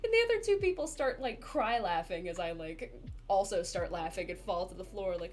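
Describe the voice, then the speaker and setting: A woman's voice: on the low side, brisk. Chatty woman streamer telling a story. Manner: chatty, animated, laughs often, many fillers. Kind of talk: casual storytelling to a live chat.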